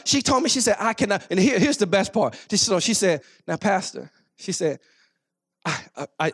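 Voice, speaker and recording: A man with a lilt preaching to his congregation. His voice sits high and leaps widely in pitch. He moves from storytelling into fervent, shouted exhortation. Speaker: pastor. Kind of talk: sermon.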